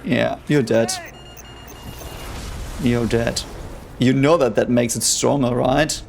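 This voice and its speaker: A young man reacting to a sci-fi series episode in casual commentary, excitable and swearing a lot. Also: medium pitch, slow, vocal fry, faint music behind. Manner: excitable, swears a lot, talks over the show. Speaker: reaction video host.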